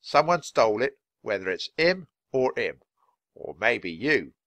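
A man voicing a stern older policeman who gives gruff orders. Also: mid-range voice, sing-song, measured pace, a bit bright, no echo. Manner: gruff, commanding.

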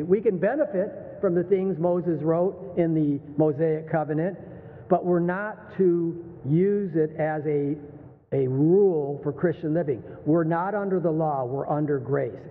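A man in his sixties with a Texan accent preaches from a church pulpit, talking casually and lively to the congregation. His voice sits on the higher side. The sound is narrow and phone-like, with a long, echoing hall reverb. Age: 60s. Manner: conversational, animated, laughs and asks the room. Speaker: pastor. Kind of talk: sermon. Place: church sanctuary.

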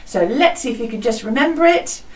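Lively British teacher woman, a bit distant. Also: a little high, fairly quick. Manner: bright, encouraging, singsong teacher voice. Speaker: primary school music teacher. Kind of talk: home music lesson for children. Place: small hut classroom.

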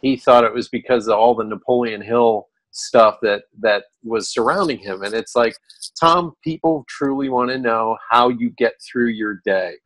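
A man co-hosting a radio talk show, telling animated stories and laughing often. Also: mid-range voice, moderate pace, low-quality recording. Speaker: radio co-host. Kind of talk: tribute storytelling on a talk show.

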